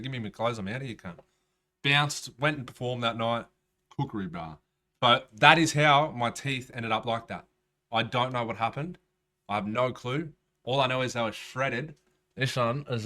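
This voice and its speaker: Aussie rapper bloke rambling through a story, swears constantly, slangy, mid-pitched voice. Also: male voice, fairly bright tone. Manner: profane, rambling, streetwise slang. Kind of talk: casual storytelling.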